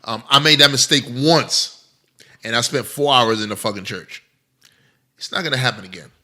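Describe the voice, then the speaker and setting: A man's voice: medium pitch, lively intonation, normal speed, pushed and bright. A man co-hosting a podcast in casual chat, blunt and profane as he tells a story. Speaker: podcast co-host.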